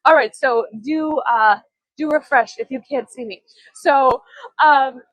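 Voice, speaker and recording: A Chicago woman guides a live-streamed walking tour along the city's outdoor streets, chatting, giggling, and slipping in storytelling asides. Her high voice is a little slow and fairly bright, and the recording is dry and rough.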